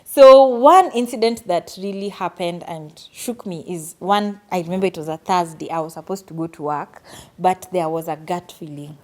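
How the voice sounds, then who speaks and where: Young woman vlogger, earnest and animated as she recounts a personal story. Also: on the low side, normal speed. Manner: earnest, animated retelling with quoted asides. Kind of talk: storytime vlog.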